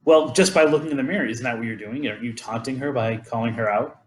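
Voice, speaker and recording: A man's voice: mid-range voice, quick pace, a little hiss or hum. A man hosting a podcast, chatting casually and rambling through legends with many ums and restarts. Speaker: podcast host. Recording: roomy echo.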